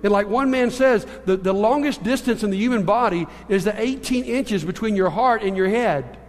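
A man preaching a sermon as a pastor, telling stories in an animated way and moving between hushed and emphatic delivery. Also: high voice, normal speed, big-room sound. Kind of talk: sermon with storytelling.

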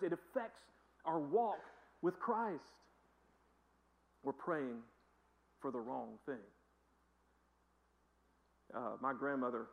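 A man's voice: mid-range voice, low-quality recording. A male pastor preaching a sermon in a conversational, emphatic way with joking asides.

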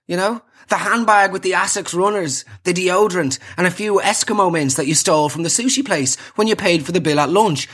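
A man's voice: sits high, brisk, hardly any pauses, a bit bright, breathy edge. An Irish man delivering a sarcastic, exasperated comedic rant, slipping into mocking voices.

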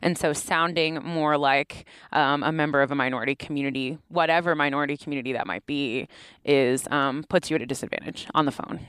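Low, smooth-voiced woman explaining research. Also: a little fast, fairly bright tone, dry recording. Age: young adult. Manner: explains at length, laughs often, quotes voices. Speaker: linguistics researcher, guest. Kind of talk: casual interview talk.

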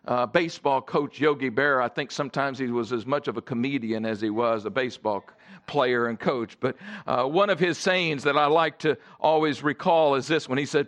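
A man preaching as a pastor, swinging between loud stressed phrases and quiet asides, often asking the congregation questions. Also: medium pitch, brisk. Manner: engages audience with questions. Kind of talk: sermon.

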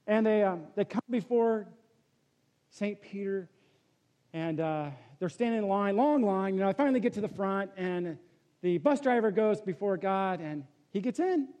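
A man preaching a sermon as pastor, telling a joke story and then dropping to a hushed, earnest tone. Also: high voice, animated, moderate pace. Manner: storytelling with jokes, swings from loud to hushed.

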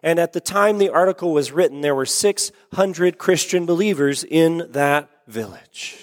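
A man's voice: a little high, moderate pace. Man preaching a story in a reverberant hall. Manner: earnest, repeats words for emphasis. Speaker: pastor. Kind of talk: sermon storytelling. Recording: long reverb of a large hall.

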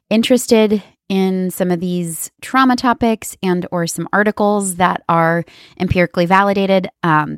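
A woman's voice: mid-range voice, no room sound, clean studio sound. Earnest woman therapist hosting a podcast. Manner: earnest, explanatory, addresses listeners directly. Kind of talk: educational podcast talk.

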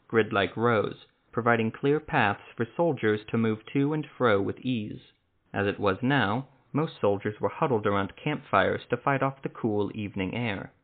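A man narrating a fantasy story in a steady, measured reading. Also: lowish voice. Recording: tinny phone-like sound.

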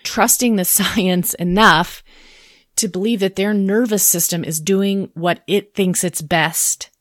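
A woman in her thirties talking candidly about parenting and therapy in a relaxed podcast chat, reflective and quick to laugh. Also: mid-range voice, dry recording, studio quality. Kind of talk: casual podcast conversation.

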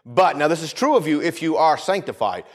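A man preaching a sermon with emphasis, repeating phrases, dropping low and quiet for weight, and calling out for the congregation's amens. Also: animated, brisk. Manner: emphatic, repeats phrases, calls for "Amen?" responses.

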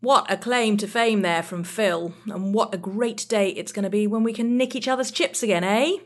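Woman podcast co-host, chatty and brisk. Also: mid-range voice. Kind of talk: podcast presenting.

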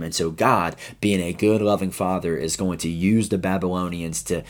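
A youth pastor with a very low voice gives a daily Bible devotional. He talks casually and earnestly. He keeps asking his listeners rhetorical questions. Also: fairly even intonation, moderate pace, hardly any pauses.

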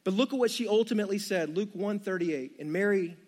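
A man's voice: high-pitched, fast, darkish tone. A young man preaching a sermon, retelling the story with jokey asides and playful asides to the congregation. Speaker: pastor.

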